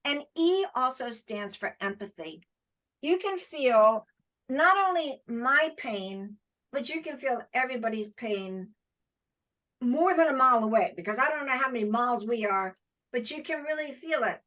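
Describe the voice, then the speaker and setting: A woman's voice: high-pitched, expressive, moderate pace, a bit bright. A woman presenting an award over a video call, giving effusive praise with emphatic repetition.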